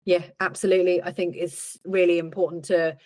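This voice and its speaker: A woman's voice: fairly low pitch, level tone, brisk, darkish tone, no room sound, low-quality recording. A woman hosting a podcast as a coach, talking in a reflective way and asking probing questions. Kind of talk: casual podcast conversation.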